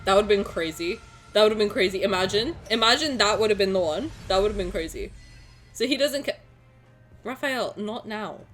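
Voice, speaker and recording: A young woman streaming a game, chatting playfully to her viewers, joking and breaking into excited shouts. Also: medium pitch, normal speed, soft background music. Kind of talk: casual game stream commentary.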